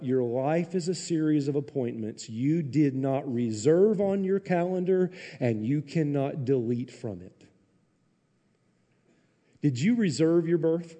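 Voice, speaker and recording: Animated pastor preaching in a reverberant hall. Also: male voice. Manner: animated, sarcastic, acts out mock quotes in pitched-up voices. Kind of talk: sermon. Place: church.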